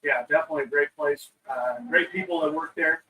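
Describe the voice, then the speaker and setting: A man's voice: on the high side, a little fast, bright, forceful tone, recorded from a distance, low-quality recording. A man co-hosting a live podcast, easygoing and agreeable in casual chat. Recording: off-mic with faint room noise.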